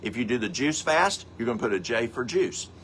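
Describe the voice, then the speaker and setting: A man's voice: mid-range voice, animated, fairly quick, a bit bright, slight background noise. A middle-aged man, teaching a health program in a folksy, rambling way, full of asides and acted-out stories. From American South. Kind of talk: casual teaching talk.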